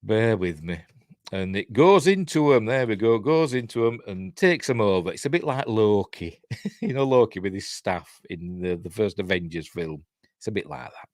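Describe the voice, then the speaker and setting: A man's voice: on the low side, lively intonation, moderate pace, darkish tone, dry recording, studio quality. An older man with a Yorkshire accent giving a casual, rambling watch-along review, chuckling often. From Yorkshire, England. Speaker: reviewer and channel host.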